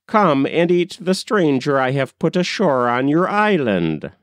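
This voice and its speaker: A crafty old magician, wicked and scheming, put on by a man reading a storybook aloud. He coaxes and plots in a slow, lilting voice that rises and falls a lot. The recording is dry and close. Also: a little high, very animated, dry recording, voice pushed up. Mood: coaxing. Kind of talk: audiobook character reading.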